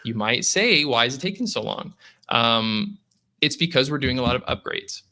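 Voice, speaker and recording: A man's voice: mid-range voice, moderate pace. A man guesting on a casual crypto podcast, talking animatedly and acting out what users say. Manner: animated, acts out users' voices. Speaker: guest from a lending app.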